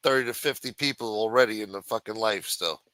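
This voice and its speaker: Bright, dry-voiced livestream host. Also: male voice, fairly low pitch, a little fast, no room sound, low-quality recording. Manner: casual, swearing, thanks viewers by name. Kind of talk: casual livestream podcast talk.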